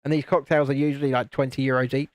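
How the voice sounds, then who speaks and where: A man's voice: medium pitch, flat delivery, quick pace, no room sound. A man from the UK hosting a casual livestream, chatting and reading out viewer comments while he builds a model. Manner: chatty, reads out viewer comments, chuckles often. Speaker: livestream host.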